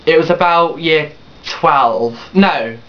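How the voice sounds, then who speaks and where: A slightly high-voiced teenage vlogger speaks slowly while telling a personal story. It's a rambling, confessional account full of restarts and blunt swearing, with dull lo-fi webcam audio.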